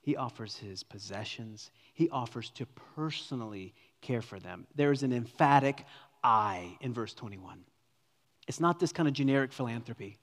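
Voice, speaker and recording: A male pastor delivers a sermon with dramatic swings, rising to strong emphasis and dropping to soft, hushed near-whispers. His mid-pitched voice carries a long reverb tail, as if recorded in a big church hall. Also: lively intonation, normal speed.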